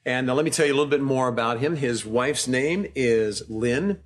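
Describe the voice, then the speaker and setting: Home pastor, man in his 60s, mid-pitched, warm and affectionate introducer. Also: normal speed. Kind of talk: church welcome and introduction.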